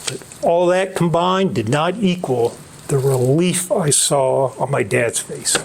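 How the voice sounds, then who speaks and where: A middle-aged man tells a family story at a slow, unhurried pace, with a gravelly edge to his voice. He speaks haltingly and often restarts his sentences. A faint hiss sits under the recording. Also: fairly high pitch. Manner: halting, many restarts and fillers. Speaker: author. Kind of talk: storytelling book talk.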